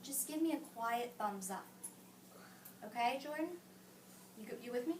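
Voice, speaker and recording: A woman teacher reading a picture book aloud to young children and patiently coaching them, hushing them when they call out. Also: fairly high pitch, lively intonation, moderate pace, a little hiss or hum. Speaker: elementary school teacher. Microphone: camera some distance away. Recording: roomy classroom sound, distant mic.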